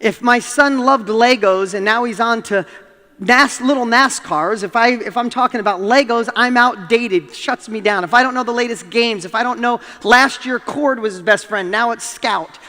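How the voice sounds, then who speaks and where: A man's voice: very high voice, normal speed, pushed and bright. A middle-aged man gives a motivational stage talk to an audience in a large hall, telling stories with animation and acting out his own lines. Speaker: motivational speaker.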